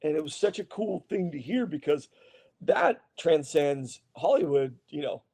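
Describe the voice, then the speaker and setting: A man with a gravelly, mellow voice pitched a little high for a man, chatting as an interview guest. He tells long, wandering stories, restarting his sentences and slipping into other people's voices as he quotes them. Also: lively intonation, measured pace. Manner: rambling anecdotes with many restarts and fillers; acts out other people's lines when retelling. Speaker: guest actor. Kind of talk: casual storytelling interview.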